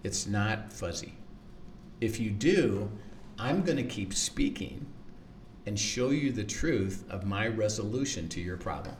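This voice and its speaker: A man's voice: on the low side, expressive, unhurried, far from the mic, slight background noise. A man teaching the Bible in conversation, earnest, acting out quoted lines and often repeating words.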